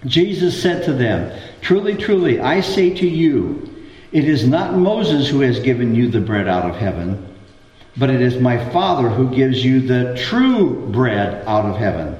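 A man preaching a sermon as pastor, acting out scripture quotes with rising pitch. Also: very animated, unhurried, darkish tone, muffled recording. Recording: echoey hall, voice from far off.

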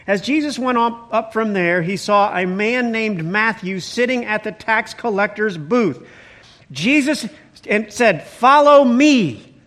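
Guy preaching, high bright voice, chatty and animated, lots of little exclamations. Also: unhurried. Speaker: pastor. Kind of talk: sermon.

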